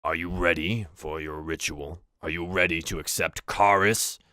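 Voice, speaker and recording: A man voicing an old, calm and menacing male orc shaman who speaks slowly and deliberately. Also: sits low, no room sound, clean studio sound. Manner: slow, measured.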